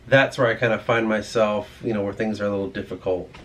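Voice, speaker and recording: A man's voice: on the low side, fairly even intonation, fast talker, a bit bright. A man vlogging in a rambling, profane, ranting monologue.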